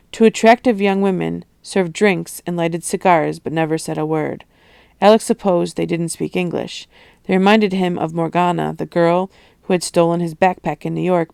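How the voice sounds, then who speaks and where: Gravelly, smooth-voiced woman reading a novel. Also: on the low side, a little mellow, no echo, clean studio sound. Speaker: audiobook reader. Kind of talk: storybook reading.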